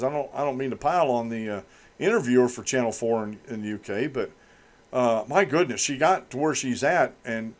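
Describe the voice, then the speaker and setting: A man hosting a political commentary show, reading news items and then ranting about them with scorn. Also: medium pitch.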